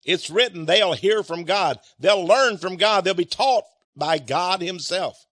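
Reading and commenting on Bible verses in a sermon style, a man with a high, slightly bright voice speaks a little slowly. The studio-quality recording has no echo, and the Bible teacher leans on emphatic rhetorical questions.

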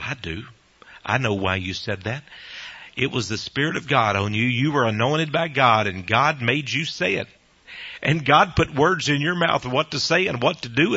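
A man preaching on the radio, telling a story and quoting others, his voice rising high when excited. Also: husky. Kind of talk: preaching testimony. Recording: dull lo-fi recording.

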